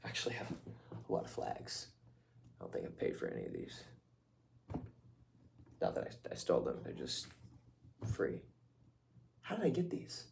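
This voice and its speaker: A man's voice: very deep voice, huge pitch swings, normal speed, vocal fry, long pauses, a little hiss or hum. A young man chatting to the camera in a casual vlog, rambling and laughing often, sometimes dropping into a whisper. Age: young adult. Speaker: vlogger.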